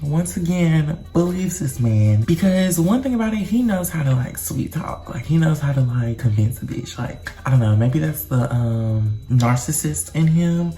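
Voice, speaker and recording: Mellow-voiced young man telling a storytime. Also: fairly high pitch, normal speed, hardly any pauses. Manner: animated, dramatic, slangy and profane. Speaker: vlogger. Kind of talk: casual storytime.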